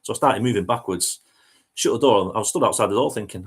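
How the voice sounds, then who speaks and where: A man's voice: fairly low pitch, quick pace, husky. A man, a touring musician telling a story in a chatty, self-mocking way and laughing as he goes. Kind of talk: casual storytelling anecdote.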